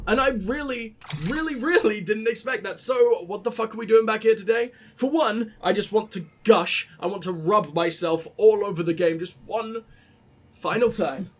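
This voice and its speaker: A man's voice: high-pitched, moderate pace. A man hosting a video game let's play, rambling and swearing as he gushes about the game, tired after a late night. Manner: profane, gushing, rambling.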